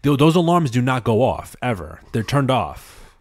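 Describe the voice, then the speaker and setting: A man's voice: medium pitch, sing-song, moderate pace. A young man co-hosting a podcast, telling laid-back stories and chiming in with agreement. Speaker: podcast co-host. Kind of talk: casual chat.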